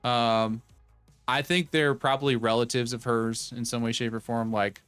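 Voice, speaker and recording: Smooth-voiced joking streamer guy. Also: medium pitch, steady tone, normal speed, a bit bright, no echo, faint music behind. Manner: rambling, joking, reads chat aloud and riffs on it. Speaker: streamer host. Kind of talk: casual live-stream chat.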